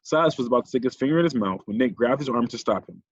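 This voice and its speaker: Brief: husky male narrator, dry close read, lo-fi. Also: mid-range voice, racing, no echo. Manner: steady storytelling. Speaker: audiobook narrator. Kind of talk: audiobook reading. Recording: dull lo-fi recording.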